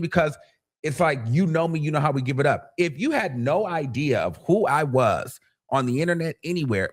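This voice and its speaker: A man hosts a casual livestream in a voice that sits a bit high for a man and swings widely in pitch. He keeps acting out the people he describes, restarting his sentences as he goes. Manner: animated, acts out quoted voices, many restarts. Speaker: livestream host.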